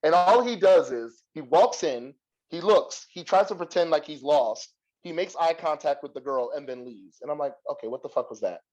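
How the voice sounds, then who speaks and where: Man, young adult, podcast host, profane animated storytelling, slightly high voice, dull lo-fi recording. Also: normal speed. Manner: profane, animated, laughs a lot. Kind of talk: casual storytelling.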